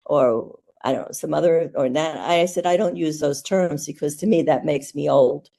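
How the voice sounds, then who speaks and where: A nurse from the United States talks candidly as a podcast guest, her storytelling blunt, rambling and peppered with fillers. She speaks at normal speed in a low-pitched, gravelly, dark voice.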